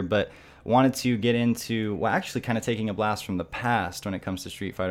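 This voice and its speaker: A man hosting a casual gaming podcast, talking in a thoughtful, rambling way with frequent restarts. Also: fairly low pitch. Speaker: podcast host.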